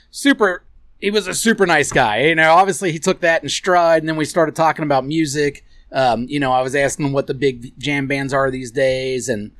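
A man's voice: mid-range voice, a bit bright, no echo, clean studio sound. A man co-hosting a podcast, telling a rambling, profane story in casual chat and laughing often. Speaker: podcast co-host.

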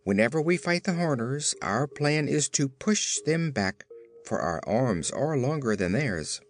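A man's voice: mid-range voice, big pitch swings, unhurried, pitched above the performer's own voice. A man voicing a proud one-legged male hopping champion in a storybook, in an earnest, formal manner.

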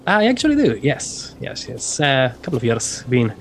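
A man's voice: medium pitch, very animated, normal speed, a little hiss or hum. A man playing a tabletop game, hesitant and searching for the right words. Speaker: player.

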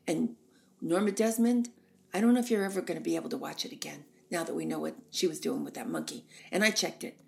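A woman's voice: deep voice, fast talker, vocal fry. A woman hosting a comic monologue, chatty and emphatic, rambling from one point to the next. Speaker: host.

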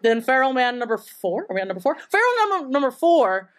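A woman's voice: sits high, sing-song, fast. A young woman from Taiwan telling a story on stage at a live event, chatty and casual, full of "like" and laughing often. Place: live event in front of an audience.

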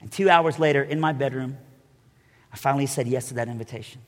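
Animated male preacher in a reverberant hall. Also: mid-range voice, fast talker. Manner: storytelling, animated, acts out quoted voices. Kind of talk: sermon.

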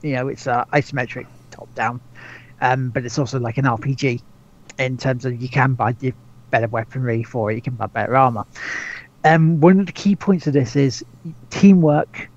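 Gravelly man rambling on a podcast. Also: medium pitch, moderate pace, lo-fi sound. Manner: rambling, stumbles and repeats words, swears casually. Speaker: podcast co-host. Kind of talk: casual gaming chat.

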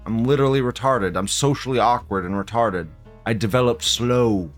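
A man's voice: medium pitch, moderate pace, soft background music. A man hosting a live show, ranting in a casual, profane, rambling way and repeating himself. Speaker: livestream show host.

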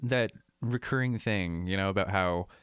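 Joking man with a low, smooth voice. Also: normal speed, no room sound, clean studio sound. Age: 30s. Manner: jokey, slips into mock character voices. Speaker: podcast co-host. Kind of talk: casual film discussion.

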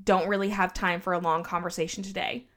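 A woman telling a story on a casual podcast, animated and quoting others in her own voice. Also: fairly low pitch, brisk. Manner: animated, heavy use of "like", quotes people in her own voice.

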